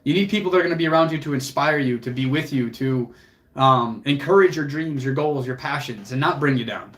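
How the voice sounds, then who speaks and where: Speaking a little brightly at a medium pitch and a fairly quick clip, a young fitness coach addresses his livestream audience. He comes across as earnest and emotional, casual and motivating, and he swears as he goes.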